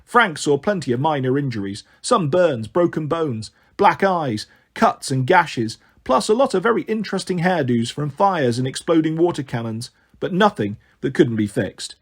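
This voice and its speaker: A man reading a novel aloud as an audiobook narrator, measured and expressive. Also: fairly high pitch, husky. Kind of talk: storytelling narration.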